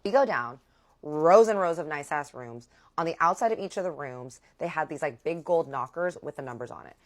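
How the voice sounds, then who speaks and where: A young woman telling a personal story to viewers in a chatty, animated way. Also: deep voice, a little fast. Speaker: vlogger. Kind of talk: storytime vlog.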